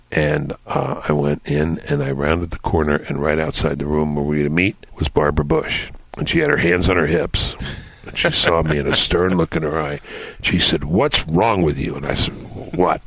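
An older man, a podcast host, telling anecdotes in a casual, animated way with frequent laughs. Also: rumbling low, a little fast, creaky, breathy edge, no echo. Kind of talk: casual storytelling.

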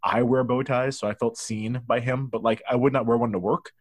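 A man's voice: medium pitch, steady tone, a little fast, dry recording. A man co-hosting a casual movie review podcast, joking and acting out lines from the film in mock voices. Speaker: podcast co-host.

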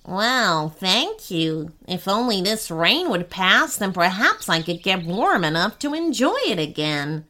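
A lazy green iguana from a children's storybook drawls in a slow, unbothered voice, as a woman puts it on. Each word takes its time, and the voice rises and dips lazily between phrases. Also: mid-range voice, big pitch swings, bright, forceful tone.

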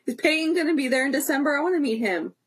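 A woman hosting a casual interview, gushing and enthusiastic as she asks questions. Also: sits high. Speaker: host.

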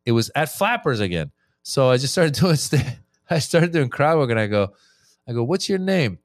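Talking at normal speed in a mid-range voice with no echo, the comedian is a guest on a podcast. He chats casually and tells his stories with animation, acting out the crowd-work exchanges he's had with audiences.

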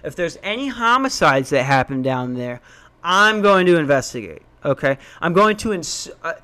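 Young guy from Minnesota, casual rant storytelling, self-deprecating, slightly high voice. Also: moderate pace, clear, resonant tone. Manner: animated, self-mocking, swears, jumps into high voices when quoting.

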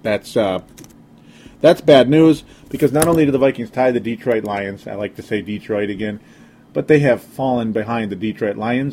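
Minnesota guy rambling on his sports podcast, kinda sarcastic, mellow dark voice. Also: lowish voice, moderate pace, slight background noise. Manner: rambling, sarcastic, frequent fillers. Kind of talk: casual sports podcast monologue.

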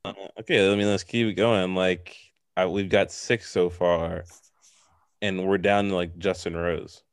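A man's voice: low voice, fairly even intonation, unhurried, smooth, no room sound, clean studio sound. A man co-hosting a casual podcast, rambling and chatty, filling his talk with "like". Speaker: podcast co-host. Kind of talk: casual chat.

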